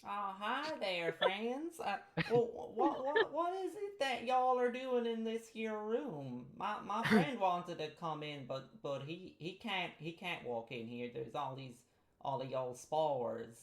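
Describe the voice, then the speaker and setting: A woman's voice: medium pitch, lively intonation, slow, echoey room, pitched above the performer's own voice. Woman doing a stammering folksy mushroom. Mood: bemused. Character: folksy big mushroom character.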